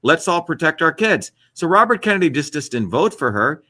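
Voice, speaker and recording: A man's voice: a little high, very animated, fairly quick, few pauses, bright, forceful tone. A man hosting an online livestream, delivering ranting political commentary in a combative, repetitive, emphatic way.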